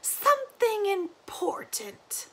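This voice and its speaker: A woman's voice: very high voice, huge pitch swings, slow, bright, forceful tone, pitched above the performer's own voice, heavily acted. A woman doing a vague, forgetful old grandmother.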